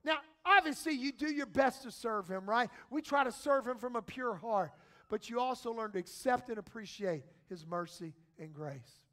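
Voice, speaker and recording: This very high-pitched male pastor preaches with lively intonation. He alternates slow, quiet sections with shouted appeals to his congregation.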